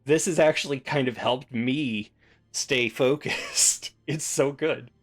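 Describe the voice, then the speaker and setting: A man streaming a reaction, swearing and swinging from loud outbursts to low mutters. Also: takes it slowly. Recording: faint background music.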